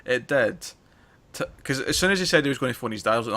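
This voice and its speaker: A man chats as co-host of a review show. His pitch sits in the middle, and he laughs easily and trips over his own restarts as he talks. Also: quick pace. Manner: lively, laughing, with frequent restarts. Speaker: podcast co-host. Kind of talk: casual chat.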